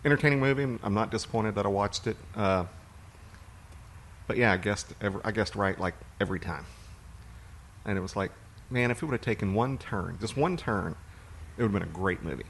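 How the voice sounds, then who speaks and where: A man's voice: on the low side, a little fast, a little hiss or hum. A man co-hosting a podcast, chatting casually and rambling about movies he has watched. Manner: relaxed, rambling storyteller. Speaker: podcast co-host.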